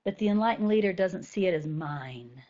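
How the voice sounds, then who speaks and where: A woman's voice: lowish voice, animated, moderate pace, warm tone. Conversational woman teacher, slightly muffled. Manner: conversational, often asks "right?". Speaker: spiritual teacher. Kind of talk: talk to a group of students.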